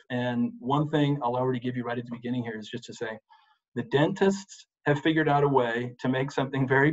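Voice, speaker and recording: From his home office, a middle-aged man coaches lawyers on advocacy and presentation in a webinar, full of energy and leaning on a repeated "you've gotta." He has a mid-range, darkish voice, and the desk-mic audio is lo-fi.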